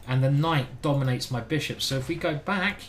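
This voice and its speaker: A man's voice: medium pitch, moderate pace, a little hiss or hum. A man giving casual live-stream chess commentary, thinking aloud and chatting with his viewers. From United Kingdom.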